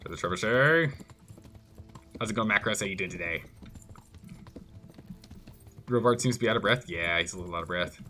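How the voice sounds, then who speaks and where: A man's voice: low voice, a little fast, pauses often, sharp tone. A man streaming gameplay live, commenting in a playful, jokey way.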